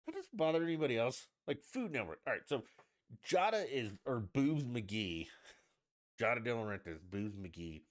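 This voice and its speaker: A man's voice: mid-range voice, big pitch swings, normal speed. A man hosting a stream in a casual, blunt rant, swearing freely. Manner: profane, blunt, ranting. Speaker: livestream host. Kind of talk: casual ranting chat.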